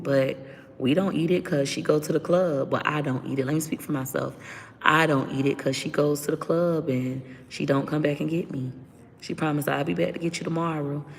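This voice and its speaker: Woman, gravelly fry-heavy voice, flat delivery, blunt and profane, interview guest, reverberant room. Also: sits low. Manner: blunt and profane, vents openly. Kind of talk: candid personal storytelling.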